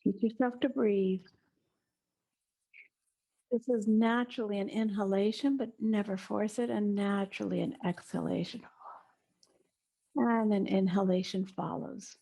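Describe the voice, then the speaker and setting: A middle-aged woman teaching a guided movement lesson indoors, giving slow, soothing instructions with soft breathy asides. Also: mid-range voice, fairly even intonation. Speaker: eurythmy teacher. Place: indoor room, small.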